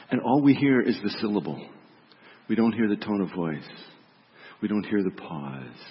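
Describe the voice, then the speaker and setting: Low-voiced man preaching in a reverberant hall. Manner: reflective, gentle, drops soft on key words. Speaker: pastor. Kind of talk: sermon. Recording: dull reverberant hall recording.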